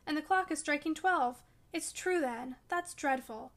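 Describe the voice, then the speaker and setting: A woman's voice: sits high, a little slow. A woman reading aloud as a feverish, delirious young woman, dreamy and frightened. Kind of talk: audiobook reading.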